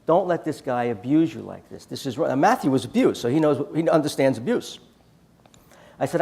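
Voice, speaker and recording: A man's voice: medium pitch, animated, fairly quick, vocal fry, darkish tone. A man giving a storytelling talk at a church conference, acting out quoted dialogue in his anecdotes. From United States.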